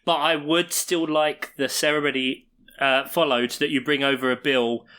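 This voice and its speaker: A man co-hosting a podcast, talking in an animated, emphatic way with swearing and laughter. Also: a little high, normal speed, clear, resonant tone. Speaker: podcast co-host. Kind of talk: casual chat.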